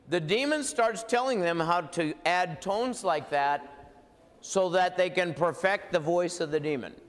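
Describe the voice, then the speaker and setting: A preacher teaching, explaining step by step and checking that the listener follows along. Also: male voice, high voice, in a large hall. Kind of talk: teaching commentary on played clips.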